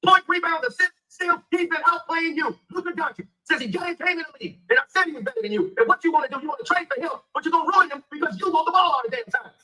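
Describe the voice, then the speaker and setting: High-pitched, fast, furious ranting man. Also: sharp tone, low-quality recording. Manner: heated, profane, emphatic. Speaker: sports commentator. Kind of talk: angry rant.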